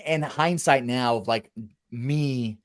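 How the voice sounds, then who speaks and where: A man's voice: medium pitch, takes it slowly. A man in his thirties hosting a casual podcast, talking bluntly with lots of swearing and acting out voices from his past. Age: 30s. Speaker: podcast host and former college football walk-on.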